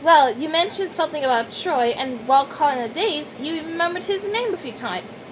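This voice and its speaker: A woman voicing an excitable young female friend who squeals her questions. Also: sits high, moderate pace, noisy background. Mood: excited.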